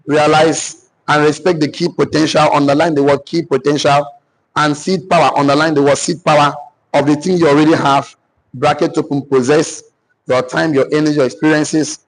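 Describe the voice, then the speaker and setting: Husky Nigerian man dictating lessons. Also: a little high, rough recording. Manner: repeats phrases slowly for note-taking; preacher-like, cites scripture. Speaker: business mentor. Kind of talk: motivational teaching session.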